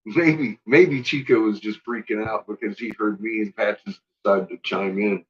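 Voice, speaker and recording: A man's voice: lowish voice, fairly even intonation, moderate pace, dull audio. A man at home talking to his pets in a playful, teasing way, baby-talking the dog and swearing casually. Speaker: pet owner.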